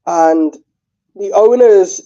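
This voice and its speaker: A tearful man streaming, speaking haltingly with repeated words and swearing. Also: high voice, mellow, muffled recording. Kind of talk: emotional livestream talk.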